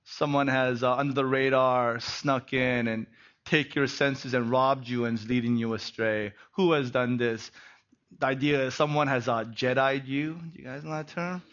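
Animated pastor preaching, bright voice. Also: male voice, medium pitch, moderate pace, lo-fi sound. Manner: animated, rhetorical "right?" asides. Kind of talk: sermon.

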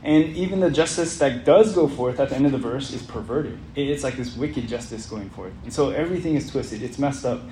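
Warm in tone and mid-range in pitch, a man teaches a Bible study lesson quickly with few pauses, reading aloud and earnestly quizzing the group. Faint background noise and a roomy echo fill the recording.

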